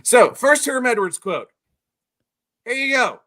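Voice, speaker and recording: A man hosting a casual comedy show, loud and laughing, saying y'all. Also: very high voice, very animated, slow. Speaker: podcast host. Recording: music in background.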